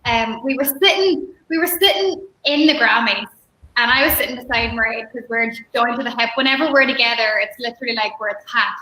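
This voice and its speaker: A woman guest telling stories in a relaxed chat, laughing often. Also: fairly high pitch, a little fast, reverberant, a little hiss or hum, low-quality recording. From Ireland. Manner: chatty storyteller, laughs often. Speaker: guest musician. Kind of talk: casual chat on a live stream.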